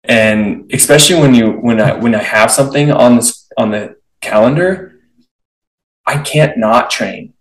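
A young man hosting a podcast, animated and chatty, acting out his own thoughts. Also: mid-range voice, measured pace. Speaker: podcast host. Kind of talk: casual conversational interview. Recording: roomy, distant from the mic.

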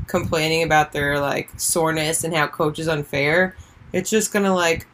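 A young woman co-hosting a casual chat, reading sports tips in a lively, playful, teasing way. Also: low voice, normal speed, slight background noise, rough recording.

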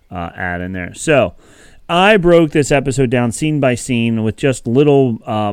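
A man hosting a podcast talks through the episode in a loose, rambling way, laughing often as he goes. His voice comes through smooth and resonant, recorded dry and close with no room sound. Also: mid-range voice, a little mellow, no echo. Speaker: podcast host. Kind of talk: casual podcast chat.

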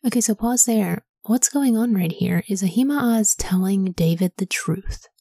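Breathy woman hosting a whispered Bible reading. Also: medium pitch, unhurried, dry recording, clean studio sound. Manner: soft, whispery, asks reflective questions. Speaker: Bible podcast host.

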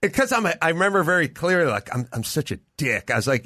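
A man, a guest comedian, chatting casually and telling an animated anecdote, acting out the voices of the people in it. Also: fairly high pitch, fast, no echo, clean studio sound. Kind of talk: casual chat storytelling.

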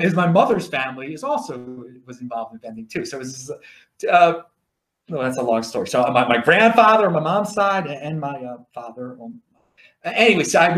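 Lively Baltimore man rambling. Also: a little high, roomy sound. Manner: animated, repetitive restarts, jokey asides. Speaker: podcast host. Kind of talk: casual rambling monologue.

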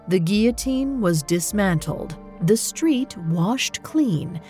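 A woman hosting a podcast, telling a grim history in measured, scripted narration. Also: medium pitch, warm tone. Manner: measured, grave storytelling. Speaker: podcast host.

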